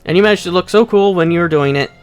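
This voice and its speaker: A man's voice: sits high, racing, smooth, soft background music, voice pushed up, lightly acted. A man voicing a flamboyant, fashion-obsessed video game courtier, putting on theatrical French flair. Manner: theatrical, sprinkling in mock French words.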